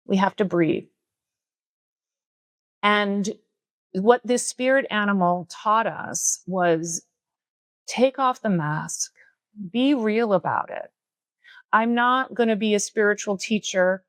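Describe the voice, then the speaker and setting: Middle-aged woman yoga teacher, earnest reflective podcast talk, dry close sound, mid pitch. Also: dry recording. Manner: earnest, slows down to stress key words. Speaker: spiritual and yoga teacher, guest speaker. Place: retreat center room.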